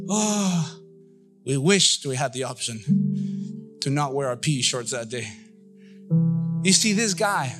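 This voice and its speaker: A middle-aged man preaching a lively sermon as pastor, acting out voices and dialogue as he goes. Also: on the high side. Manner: animated, acts out voices and dialogue. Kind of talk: energetic sermon.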